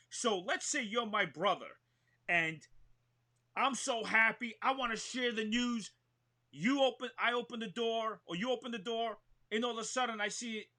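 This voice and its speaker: Excitable New actor, bright voice. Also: male voice, sits high. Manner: excitable, talks with hands-on examples, many "you know what I mean". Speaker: actor and show host, guest. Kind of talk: animated conversational interview.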